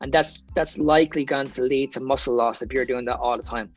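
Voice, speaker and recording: An Irish fitness coach appears as a guest on a casual podcast, plainly explaining training advice drawn from his own experience. His voice is medium-pitched with fairly even intonation, and he talks a little fast.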